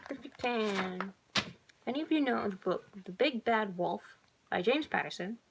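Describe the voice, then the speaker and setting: A woman's voice: medium pitch, animated, moderate pace, gravelly, heavy background noise. A woman casually reading her own horror story aloud, giggling and breaking off to comment on it.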